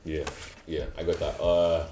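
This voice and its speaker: A man from Nigeria telling stories in a relaxed group discussion, animated and quick to mimic other people. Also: low-pitched. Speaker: panel guest. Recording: echoey room, music underneath.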